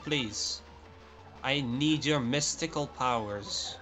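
A man's voice: mid-range voice, slow, a bit bright, soft background music. A young man commentating his own gameplay, frustrated, swearing and muttering to himself. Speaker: let's play host.

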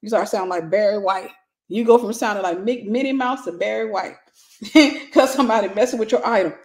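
A middle-aged woman giving a lively, conversational sermon, acting out little scenes and laughing as she teaches. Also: mid-range voice, brisk. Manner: animated, acts out gossip with voices, laughs. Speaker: Christian teacher.

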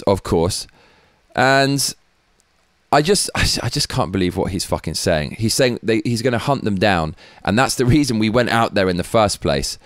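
A man's voice: lowish voice, animated, moderate pace, no room sound, studio quality. A man hosting his own show, heated, angry and heavily profane in his political commentary. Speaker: host.

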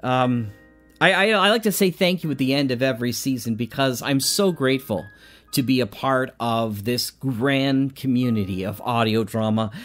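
A man hosting an audio drama podcast, talking in an excitable way with frequent stammering restarts. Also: mid-range voice, moderate pace, soft background music. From Canada. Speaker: podcast host. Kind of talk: audio drama acting and casual thanks.

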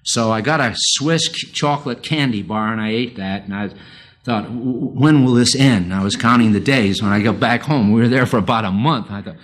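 An older man from the Northeast preaching a sermon, folksy and self-deprecating, telling a personal story with sudden high, emphatic bursts. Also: brisk. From United States.

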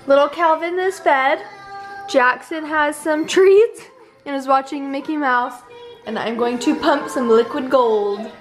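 A woman's voice: high voice, measured pace, faint music behind. A young woman hosting a family vlog at home, chatting casually and talking baby talk to her toddler. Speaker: vlog host and mother. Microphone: handheld camera.

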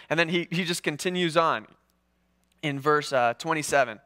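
A man preaching a sermon in a casual, conversational way, with animated, sarcastic asides. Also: fairly high pitch, moderate pace. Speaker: pastor. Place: church.

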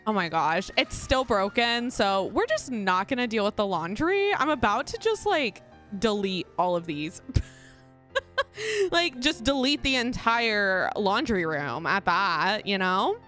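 A woman's voice: mid-range voice, sing-song, unhurried, a bit bright, soft background music. A young woman chatting casually to viewers while playing a life-sim game, giggly and talkative. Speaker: gaming YouTuber. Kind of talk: casual let's-play commentary.

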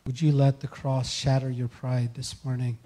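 A male pastor delivering a sermon, earnestly pleading with his listeners and letting his lines fall soft at the close. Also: medium pitch, little pitch movement, normal speed. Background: soft guitar music.

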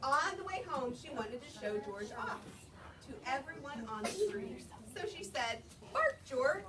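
A woman librarian reading a picture book aloud to young children at storytime, in an animated sing-song manner, asking them questions as she goes. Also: high voice, moderate pace, crowd noise. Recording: distant mic, noisy room. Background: children answering.

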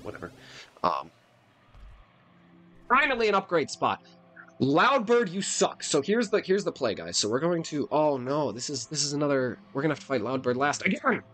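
Guy doing a let's play, slightly high voice, bouncy and jokey, faint game music behind. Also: moderate pace. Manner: playful, talks to viewers, animated. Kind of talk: gameplay commentary.

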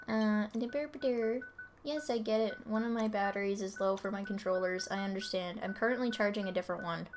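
A woman's voice: on the high side, a little hiss or hum. A woman streamer chatting casually as she plays a video game, blunt with self-mocking asides. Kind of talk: casual gaming commentary.

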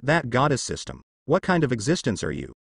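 Man reading a young vengeful ninja, cold determined muttering, varied pitch. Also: huge pitch swings, a little fast, gravelly, breathy edge, dry recording, clean studio sound, full character voice. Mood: grim. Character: young vengeful ninja, boy turned girl.

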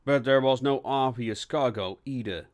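A man reading scripted narration for an audiobook in a steady, even storytelling manner. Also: medium pitch, moderate pace.

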